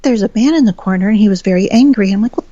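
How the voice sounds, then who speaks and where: Speaking very fast in a mellow, mid-range voice, this Texan woman tells stories as a guest in a laid-back chat, full of laughs and performed quotes. The lo-fi call audio sounds dull, with no room sound.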